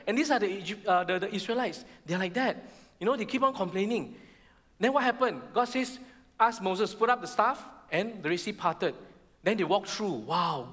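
A middle-aged man, preaching a sermon in a church hall and acting out voices in animated bursts. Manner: animated, acts out the Israelites' complaints in high voices. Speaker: pastor. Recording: long hall reverb.

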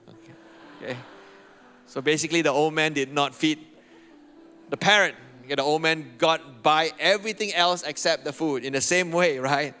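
A man's voice: on the high side, moderate pace, sharp tone, in a large hall, soft background music. A man preaching a sermon in a conversational way, telling a joke and often checking in with "okay" and "right". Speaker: pastor.

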